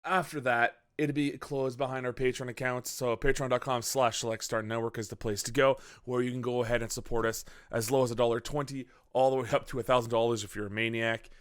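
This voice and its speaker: A man's voice: mid-range voice, flat delivery, fast, hardly any pauses, clear, resonant tone. A man hosting a casual movie podcast, loose and joking with swearing and laughing asides. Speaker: podcast host.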